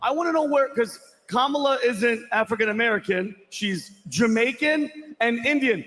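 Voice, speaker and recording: A man on a panel, joking loudly and riffing, with bursts of shouting. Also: very high voice, lively intonation, moderate pace. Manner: loud joking riffs.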